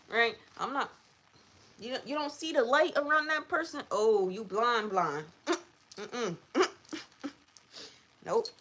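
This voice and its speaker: A woman hosting a live collective tarot reading, chatty and animated, often laughing. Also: medium pitch, slight background noise. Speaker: tarot reader.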